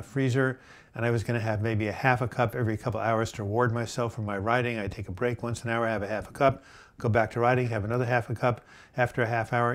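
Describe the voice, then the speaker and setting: A middle-aged man hosting a live chat, reading viewer comments aloud and answering them with gentle advice, full of fillers and restarts. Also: medium pitch. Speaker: host answering viewer questions.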